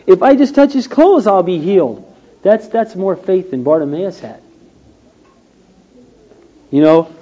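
A man's voice: high voice, dark tone. A man preaching a sermon, telling a story and acting out the quotes with rising and falling emphasis. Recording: dull lo-fi recording.

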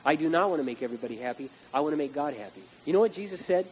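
A man's voice: a little high, lively intonation, very fast. Blunt preacher man, emphatic, hissy dull tape. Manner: blunt, emphatic, rising to loud outbursts. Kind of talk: sermon. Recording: dull recording with background hiss.

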